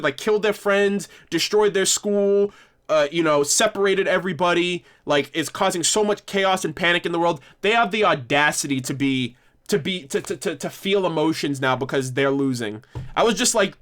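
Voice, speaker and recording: Male livestream host, casual rambling commentary, fairly high voice, lots of restarts and swearing. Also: normal speed, fairly bright tone.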